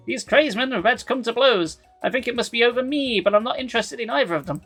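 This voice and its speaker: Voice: mid-range voice, fast, fairly bright tone, breathy edge. Streamer; wry live reader of a game, sarcastic asides, faint music under. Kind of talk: live reading of a dating game.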